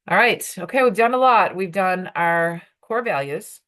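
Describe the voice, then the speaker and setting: A woman's voice: on the low side, a little slow, few pauses, fairly bright tone. A woman leading a workshop for professional women, talking conversationally and acting out bits of dialogue. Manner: conversational, with fillers and acted-out dialogue. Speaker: workshop leader.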